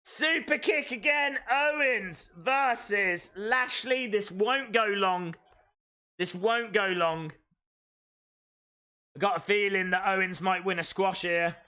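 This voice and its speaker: A high-voiced man hosts a live watch-along stream, reacting excitedly as events unfold and calling out each move. His tone is bright, sharp, and clean, and he speaks slowly.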